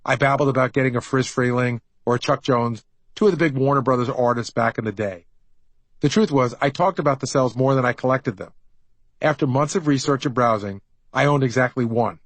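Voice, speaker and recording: A man's voice: mid-range voice, no room sound, low-quality recording. A middle-aged man narrating his own memoir as an audiobook, in a wry, conversational storytelling manner.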